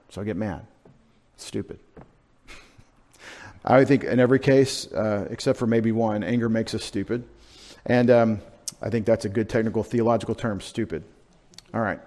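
A middle-aged man, preaching a sermon in a conversational, self-deprecating way, dropping into quiet asides. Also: lowish voice, normal speed, long pauses. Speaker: pastor.

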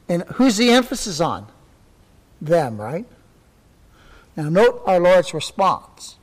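A man's voice: on the high side, lively intonation, moderate pace. A male pastor preaching a sermon, emphatic and often repeating words for stress.

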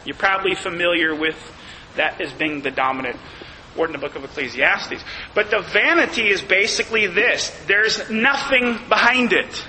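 A man preaching a sermon as pastor, emphatic, slowing down to stress key phrases. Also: sits high, pushed and bright, in a large hall, slight background noise, poor audio.

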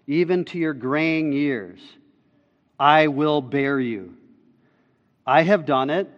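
A man preaching a sermon as pastor, emphatic and building to forceful peaks on key phrases. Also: on the high side. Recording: dull sound in a large reverberant hall.

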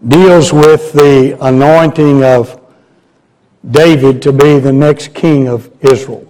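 Slow folksy older preacher. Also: male voice, mid-range voice, fairly even intonation, warm tone, low-quality recording. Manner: slow folksy storytelling, chuckling. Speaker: guest preacher. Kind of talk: sermon. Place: church sanctuary.

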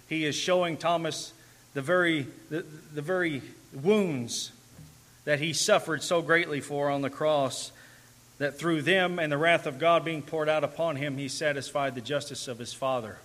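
Bright-voiced male preacher, earnest sermon. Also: on the high side, moderate pace. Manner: earnest, rising to emphatic and tender passages.

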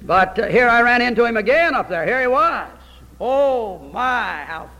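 A male pastor preaching a sermon, telling stories in a folksy, animated way. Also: very high-pitched, moderate pace. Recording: reverberant church hall.

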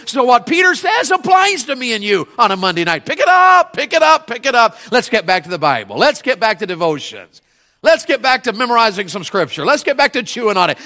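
A middle-aged pastor preaching a sermon, calling out to the congregation and swinging between hushed tones and shouted peaks. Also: male voice, high voice.

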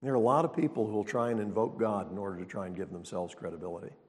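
A man's voice: on the low side, fairly even intonation, very fast. A man preaching a sermon as pastor, teaching in a conversational way and asking the congregation rhetorical questions. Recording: long reverb of a large hall.

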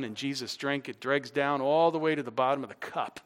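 A middle-aged man preaching a sermon as a pastor, telling stories, dropping to a hush and then rising loud and animated. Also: mid-range voice, brisk, hardly any pauses. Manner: storytelling, swings from hushed to loud and animated.

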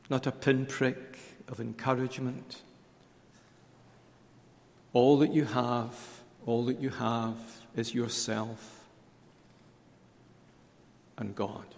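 Male preacher, mid-pitched, deliberate and hushed on key words, heard in a reverberant hall. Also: little pitch movement. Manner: slow, emphatic, dropping to hushed tones on key words. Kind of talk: sermon at a conference.

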